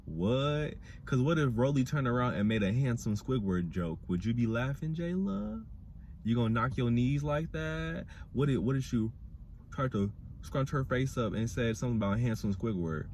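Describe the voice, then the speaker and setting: A young man with a Black dialect, giving a sassy, animated casual review of a reality show. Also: moderate pace, slight background noise. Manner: animated, sassy, mimics cast members in high voices. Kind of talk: casual commentary.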